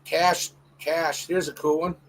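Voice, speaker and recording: A man hosting a live stream, chatting casually and excitedly about comic books. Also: fairly high pitch, slow pace, slight background noise. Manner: enthusiastic, slangy, exclaiming. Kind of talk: casual chat.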